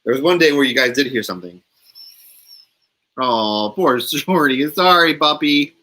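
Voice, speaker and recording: A man's voice: medium pitch, expressive, unhurried, sharp tone, low-quality recording. A man hosting a casual live stream from home, playful and laughing often as he runs a word game with viewers.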